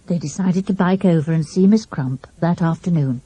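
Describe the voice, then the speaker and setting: A woman narrating a children's mystery audiobook with a lively, expressive reading. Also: fairly low pitch, normal speed, hardly any pauses, breathy edge. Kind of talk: storybook narration.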